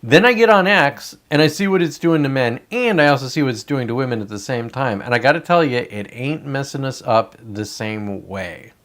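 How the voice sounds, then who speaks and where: A man's voice: medium pitch, moderate pace, hardly any pauses, fairly bright tone. A man ranting on a casual livestream, frustrated and profane, rambling with many restarts. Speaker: livestreamer and real estate agent.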